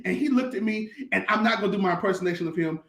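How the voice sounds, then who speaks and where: Rapid-fire and high-voiced with a fairly bright tone, a pastor speaks in a reverberant room. His talk-show style teaching is casual and emphatic, built on stories with heavy repetition.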